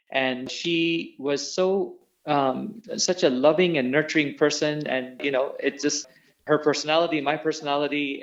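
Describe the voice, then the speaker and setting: Middle-aged guy telling stories in an interview, does the voices of people he quotes, normal pitch, kinda muffled lo-fi audio. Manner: animated storyteller who acts out quoted voices. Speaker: interview guest, tabla player and singer. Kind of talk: storytelling in an interview.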